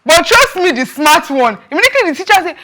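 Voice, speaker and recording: A woman, co-hosting a casual panel chat and telling stories with lively acted-out quotes. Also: very high-pitched, fast, a crowd in the background. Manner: animated storyteller, acts out quotes. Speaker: show co-host.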